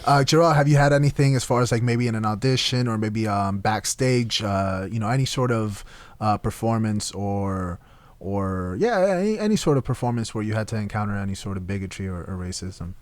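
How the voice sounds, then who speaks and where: A male podcast host in casual chat, asking relaxed, probing questions. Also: on the low side, fairly quick, no room sound.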